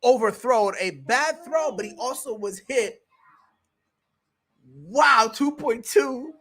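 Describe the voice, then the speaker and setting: An excitable streamer calling a game play by play in a loose, slangy way. The pitch swings widely as calm calls break into shouted reactions and laughter, with quick asides to the viewers. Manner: slangy, chats with viewers between plays. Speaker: sports streamer. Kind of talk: casual live play-by-play commentary.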